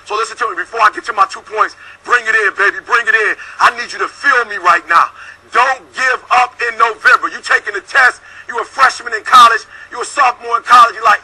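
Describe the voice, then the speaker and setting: A man delivers a motivational speech in a high, sharp, edgy tone with a husky grain. He talks like a preacher, hammering lines with "boom" and "baby." His delivery swings between quiet urging and shouted exhortation. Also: fairly quick, poor audio. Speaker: motivational speaker. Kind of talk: motivational pep talk.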